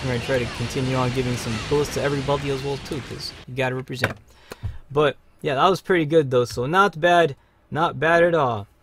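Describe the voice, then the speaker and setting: Hyped gaming livestream host, man. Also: a little high. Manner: hyped, chatty, slangy, cheers teammates. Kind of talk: live gameplay commentary. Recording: faint game music behind.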